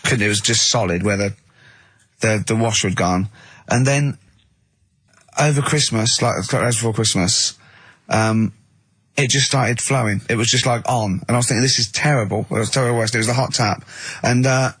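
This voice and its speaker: A man co-hosting a radio show, telling lively anecdotes in casual banter and mimicking the people he quotes. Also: mid-range voice, moderate pace, slightly rough, dry recording. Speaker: radio co-host. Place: radio studio.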